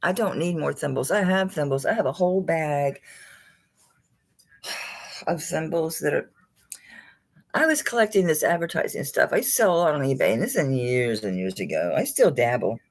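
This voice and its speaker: Low husky-voiced woman, lively chat. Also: moderate pace, pauses often. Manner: chatty, chuckles, talks to the items she holds. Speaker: jewelry seller hosting a live auction. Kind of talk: casual live-stream auction chat.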